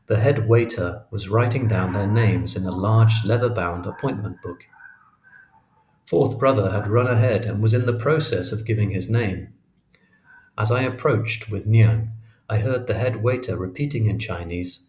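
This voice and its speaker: Low-voiced man narrating an audiobook. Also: a little mellow. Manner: measured, storytelling read of a memoir. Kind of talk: scripted narration. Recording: roomy echo.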